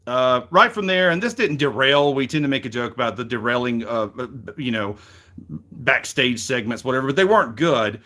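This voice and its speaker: A man's voice: mid-range voice, animated, moderate pace, sharp tone. A middle-aged man with a Southern US accent, casually recapping wrestling as a show host, rambling, frank and swearing freely. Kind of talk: casual commentary.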